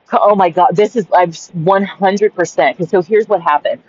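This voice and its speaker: A woman's voice: on the low side, normal speed, few pauses, darkish tone, breathy edge. A woman recording a casual journal-style rant in her car by a busy street, exasperated and swearing, often asking "right?". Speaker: vlogger. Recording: dull lo-fi sound.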